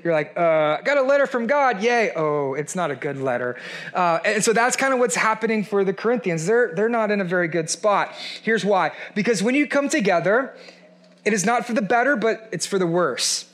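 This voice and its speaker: Guy pastor w a high voice, chatty sermon, jokey and sarcastic, lots of "right?". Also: moderate pace. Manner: animated, conversational, playfully sarcastic.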